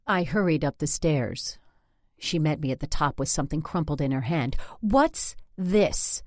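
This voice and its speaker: A woman narrating an audiobook in the first person, in a wry and measured way. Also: deep voice, dry recording, studio quality. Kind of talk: scripted narration.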